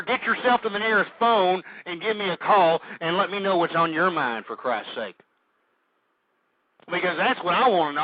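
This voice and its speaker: A fairly high-voiced man delivers an indignant talk radio rant, firing off rhetorical questions and hurling insults at his targets. The sound is close and dry, with the muffled, lo-fi quality of an old internet radio stream. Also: dry recording. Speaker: call-in radio talk show host. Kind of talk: angry ranting talk radio monologue. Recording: dull lo-fi internet radio audio.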